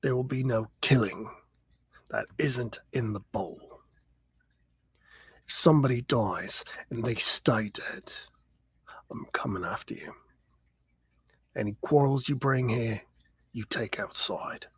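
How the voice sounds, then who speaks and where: A man putting on a grizzled old guardian of a club, with a put-on Australian accent, gruff and menacing, drawling his warnings slowly. The voice is husky, and the room sounds dry and close. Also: medium pitch, dry recording, heavily acted. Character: grizzled leathery male avatar club guardian.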